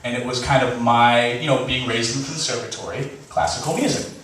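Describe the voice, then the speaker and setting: A man telling a funny personal story on stage before a live audience, animated and laughing, acting out the voices he quotes. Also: mid-range voice, fairly quick, recorded from a distance. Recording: echoey live hall recording, faint hiss.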